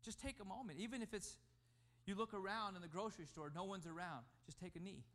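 A man preaching a sermon as pastor, emphatic, rising and falling in loudness. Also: high-pitched, quick pace.

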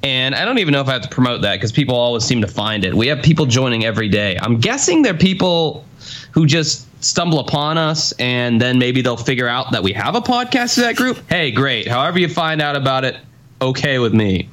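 A man's voice: medium pitch, very animated, brisk, fairly bright tone. A man co-hosting a podcast in casual chat, joking and rambling as he talks, on a computer call that sounds phoned in. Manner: joking, rambling, laughs often. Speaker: podcast co-host.

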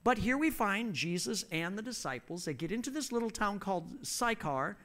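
A man preaching a sermon in an emphatic, storytelling way. His voice is fairly high and bright. He pauses between phrases so an interpreter can translate. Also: lively intonation.

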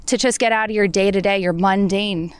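This is a woman who runs an escape room business, chatting on a live panel. Her voice is smooth and clear, and she speaks with easy enthusiasm. She laughs readily as she tells stories about her family. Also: medium pitch, steady tone, a little fast. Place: outdoor deck. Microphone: panel mic.

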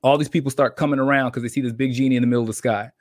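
A man in casual podcast chat, spinning a long joke and slipping into voices for each character. His voice sits at an ordinary pitch. The sound is dry and close. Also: racing, dry recording. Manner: animated storyteller acting out characters. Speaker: podcast co-host.

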